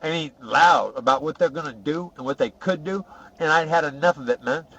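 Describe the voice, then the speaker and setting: A boastful, foul-mouthed ex-convict spins rambling prison tales, as a man puts him on for a comedy podcast. His voice sits fairly high and cocky, with plenty of rough swearing and "okay?" tags. The recording is dull and lo-fi. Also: fairly quick, fairly bright tone. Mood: swaggering. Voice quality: rough, profane, rambling storyteller. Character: boastful tough male ex-convict telling prison stories. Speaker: podcast host in character. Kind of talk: comic character monologue.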